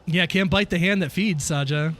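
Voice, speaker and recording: A man streaming a game and chatting casually with viewers, animated and profane, ranting between laughs. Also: high-pitched, normal speed. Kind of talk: casual livestream chat while gaming.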